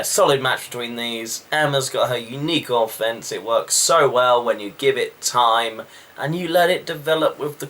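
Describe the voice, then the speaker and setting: A man recapping a wrestling show in a casual, rambling review with quick asides. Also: medium pitch, fairly bright tone.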